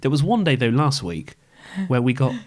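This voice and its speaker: A man's voice: mid-range voice, very animated, normal speed, darkish tone. A man co-hosting a podcast in casual comedic chat, playful and teasing, humming mock-dramatic music. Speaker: podcast co-host.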